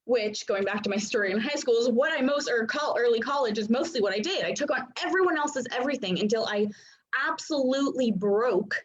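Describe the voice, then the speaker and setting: A woman's voice: on the high side, animated, fairly quick, dull audio. A woman in her thirties, chatty and full of fillers, teaching from her home office over a video call. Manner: chatty, filler-heavy, laughs often. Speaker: human design coach. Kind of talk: casual teaching talk.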